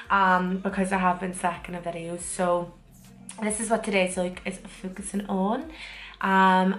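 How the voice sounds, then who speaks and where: A young woman with a Northern Irish accent, a bit stuffy from a cold, chatting through a makeup tutorial with plenty of fillers. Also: on the low side. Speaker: makeup vlogger.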